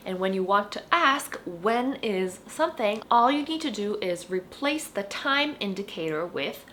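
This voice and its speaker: A woman giving a casual online Korean lesson, chatting in English and saying each Korean example slowly and clearly, then repeating it. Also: mid-range voice, animated, a bit bright, a little hiss or hum. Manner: chatty, explains with "like" and "you know". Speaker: Korean language teacher.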